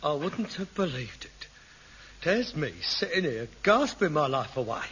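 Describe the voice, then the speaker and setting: An actor playing a self-pitying, melodramatic grown son in an old radio sitcom. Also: male voice, fairly high pitch, sing-song, unhurried, breathy edge, full character voice. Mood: martyred. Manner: melodramatic, whining, theatrical. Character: hypochondriac adult son, dramatic and self-pitying. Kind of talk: 1960s radio sitcom acting. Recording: dull old broadcast recording with loud hiss.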